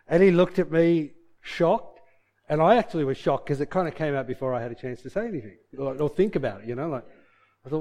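A man's voice: on the high side, animated, fast talker, darkish tone. A man preaching a sermon, reading scripture and telling a personal story in an earnest, conversational way. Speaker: pastor.

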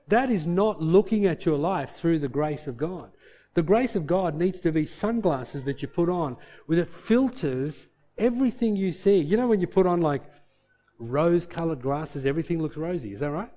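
A man's voice: fairly high pitch, lively intonation, moderate pace, dark tone. A middle-aged man preaching a sermon as pastor, earnest and impassioned, often acting out the voices of believers.

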